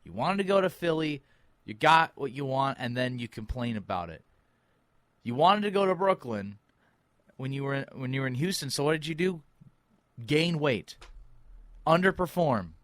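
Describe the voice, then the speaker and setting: A man co-hosting a sports podcast, ranting with exasperation. His pitch swings widely as he heats up, and he is recorded dry and close to the mic. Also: fairly bright tone, no echo. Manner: ranting, exasperated, mimics players in quotes. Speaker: podcast co-host. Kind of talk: heated sports talk.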